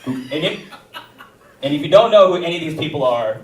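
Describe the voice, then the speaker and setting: Rambling stand-up comic in a theater. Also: male voice, on the high side, animated, a little fast. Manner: rambling, self-interrupting ad-libbing. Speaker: stand-up comedian. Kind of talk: stand-up set. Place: comedy theater stage. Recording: roomy theater sound, distant mic.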